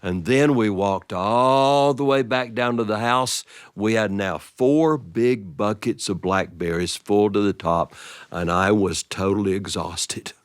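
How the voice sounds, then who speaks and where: A man telling a personal story to an audience, expressive with drawn-out pauses and lively vocal play. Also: lowish voice, clear, resonant tone, no echo, clean studio sound.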